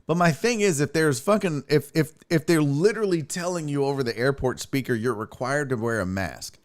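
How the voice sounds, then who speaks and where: A man's voice: a little high, fairly quick. A man hosting a podcast, telling rambling road-trip stories in casual, profane talk. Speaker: podcast host. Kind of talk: casual storytelling monologue.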